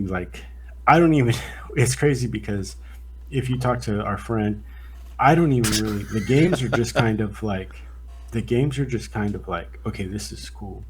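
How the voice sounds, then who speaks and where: A man co-hosting a podcast, chatting casually about sports in a rambling, profane, animated way. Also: fairly low pitch, husky. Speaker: podcast co-host. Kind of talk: casual chat.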